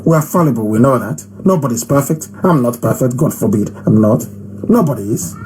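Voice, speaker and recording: A man giving an impassioned live broadcast address, emphatic and repetitive, hammering phrases with long pauses. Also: medium pitch, lively intonation, darkish tone, slight background noise, poor audio. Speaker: movement leader hosting a live broadcast.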